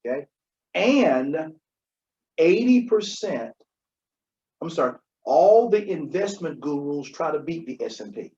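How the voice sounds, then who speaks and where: A man co-hosting a podcast, his voice on the higher side for a man. He explains money matters emphatically, repeating key points and checking in with the listener. The recording sounds dull and lo-fi. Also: big pitch swings, takes it slowly, long pauses, mellow. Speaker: podcast co-host. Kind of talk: conversational financial advice.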